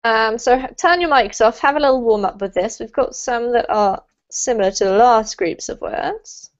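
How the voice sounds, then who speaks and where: Warm, patient woman teaching online. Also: on the high side. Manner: friendly, explains slowly, laughs often. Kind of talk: live online pronunciation class. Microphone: computer mic on a video call. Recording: dull lo-fi video call audio.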